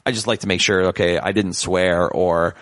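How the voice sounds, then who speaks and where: Animated joking man, dry close sound. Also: sits low, moderate pace, no room sound. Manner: animated, joking, rambling with restarts. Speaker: podcast host. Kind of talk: casual podcast chat.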